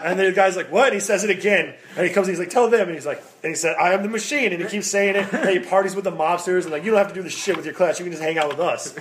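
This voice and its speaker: A man's voice: sits high, racing, a bit bright, slight background noise. A man from the American Midwest co-hosting a podcast, telling long stories in casual chat, swearing and laughing as he goes. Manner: rambling storyteller, swears, laughs while telling. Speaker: podcast co-host.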